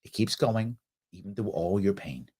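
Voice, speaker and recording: A man's voice: on the low side, lively intonation, normal speed, mellow, breathy edge. A middle-aged man hosting a talk show, giving an emphatic motivational monologue and acting out quoted voices.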